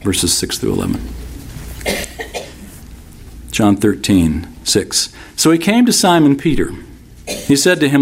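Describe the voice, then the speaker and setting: A man's voice: medium pitch, wildly swooping pitch, normal speed, vocal fry, slight background noise. A man preaching a sermon, reading scripture aloud and explaining it in a conversational, expository way. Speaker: pastor.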